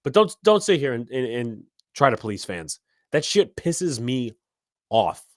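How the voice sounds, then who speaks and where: A man hosting a live sports podcast, ranting heatedly and profanely about his team, his voice swelling loud when angry. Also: mid-range voice, very animated, measured pace, no echo, studio quality. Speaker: podcast host.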